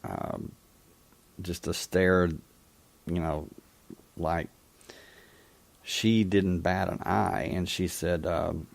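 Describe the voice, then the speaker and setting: A man hosting a call-in talk show, telling a personal story in a reflective, halting way. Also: low voice, steady tone, creaky. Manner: reflective, halting, with frequent restarts. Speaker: radio call-in show host.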